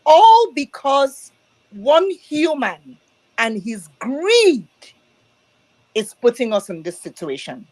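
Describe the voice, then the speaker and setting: A woman from Nigeria giving an emotional political speech in an online audio room, slow and emphatic. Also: sits high, sing-song, darkish tone, no echo, poor audio. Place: abroad, diaspora.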